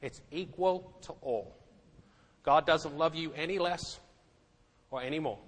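A middle-aged man preaches a sermon emphatically, repeating words and putting questions to the congregation. His voice is a little high and unhurried, and the recording echoes through a hall.

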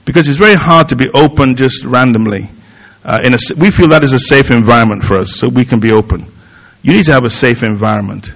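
A middle-aged male pastor preaching in an easy, conversational way. He pokes fun at himself and often stops and restarts his sentences. His voice sits at an ordinary middle pitch. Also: a bit bright, highs cut off. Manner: conversational, self-deprecating, with frequent fillers and restarts. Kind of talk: sermon.

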